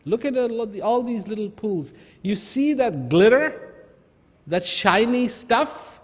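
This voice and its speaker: Man doing a wise guy pointing stuff out, slow and emphatic, high and lively, hall echo. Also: full character voice. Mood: instructive. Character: calm wise old male traveler giving advice. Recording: long hall reverb.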